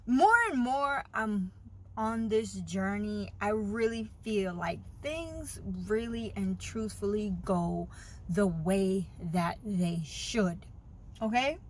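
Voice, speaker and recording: A woman's voice: medium pitch, slow, a little mellow, slight background noise. Earnest woman vlogging candidly. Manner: open and earnest, retelling events with feeling. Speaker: vlogger sharing a fertility journey. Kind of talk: candid personal vlog.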